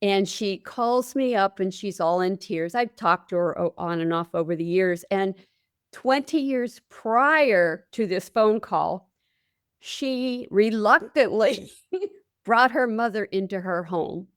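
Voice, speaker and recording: A woman's voice: medium pitch, expressive, slow pace, smooth, no room sound, studio quality. A woman hosting a caregiving podcast, earnestly explaining with client stories and statistics. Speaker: podcast host, nurse. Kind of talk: interview conversation.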